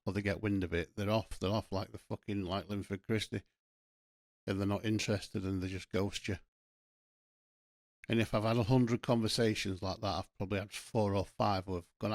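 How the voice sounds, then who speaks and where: A middle-aged Yorkshire man rants bluntly on his own podcast, swearing freely with plenty of passion. His voice sits fairly low, and the recording is dry and close, with no room sound. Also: fairly even intonation, a little fast, dry recording. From Yorkshire, England. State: sweating, hot. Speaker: podcast host. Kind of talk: solo podcast monologue.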